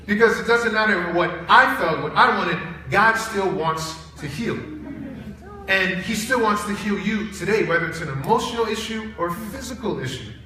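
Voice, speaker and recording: A man's voice: high voice, a little fast, hardly any pauses. A man preaching a college chapel sermon, telling stories animatedly and acting out the voices in them. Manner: animated storytelling with acted-out voices. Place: large chapel hall. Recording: echoey hall, heard from a distance.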